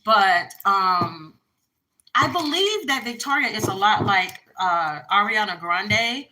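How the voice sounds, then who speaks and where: Bright-voiced woman reading tarot. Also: mid-range voice, animated, slow, low-quality recording. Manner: chatty, blunt, frequent fillers. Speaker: tarot reader. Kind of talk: casual tarot reading to viewers.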